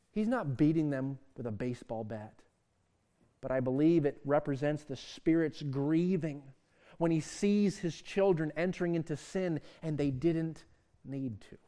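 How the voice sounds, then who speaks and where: A male preacher with a notably high voice delivers a sermon to young people. He builds to loud, emphatic peaks and often stumbles and restarts mid-sentence. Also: expressive, a little slow, clean tone. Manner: frequent stammered restarts.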